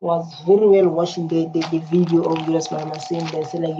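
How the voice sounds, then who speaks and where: Low, dark and fast, with little movement in pitch, the voice belongs to a South African woman hosting a reaction video. She delivers emphatic political commentary full of fillers and repetition. The audio is dull lo-fi carrying faint noise.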